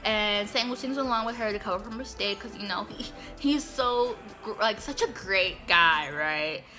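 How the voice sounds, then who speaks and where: Host, woman, casual sarcastic recapper, clear music bed underneath. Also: medium pitch, normal speed. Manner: sarcastic, chatty, lots of "like".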